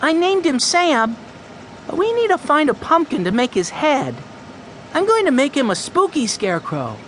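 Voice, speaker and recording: An excitable little boy, as a man puts him on. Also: very high voice, normal speed, a little hiss or hum, voice pushed up, full character voice. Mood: excited. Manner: eager and exclaiming. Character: excitable hungry six-year-old boy.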